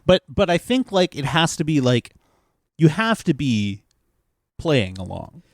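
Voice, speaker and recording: Relaxed musing man on a podcast. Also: on the high side, a little slow, no echo, clean studio sound. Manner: relaxed, musing, many likes and restarts. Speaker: podcast co-host. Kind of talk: casual movie podcast chat.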